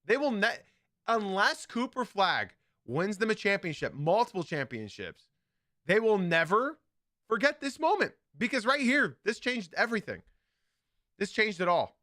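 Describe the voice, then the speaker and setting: Animated man hosting a live sports podcast. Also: high voice, normal speed, dry recording, studio quality. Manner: animated, emphatic, repeats key points. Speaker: podcast host. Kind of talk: live basketball podcast commentary.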